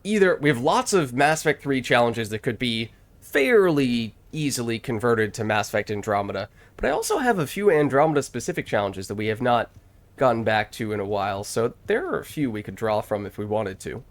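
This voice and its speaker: A man's voice: mid-range voice, very animated, a little fast. Chatty man streaming a game. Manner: chatty, thinks aloud, laughs often. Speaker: gaming streamer. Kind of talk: casual gameplay chat.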